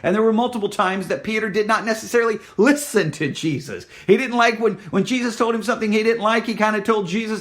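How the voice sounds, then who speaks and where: A man with a notably high voice delivers a sermon. He reads scripture and retells it with dramatic swings, sinking to hushed, drawn-out words and rising again for emphasis. He often restarts and repeats words as he preaches. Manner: dramatic, drops to near-whisper for emphasis, then rises.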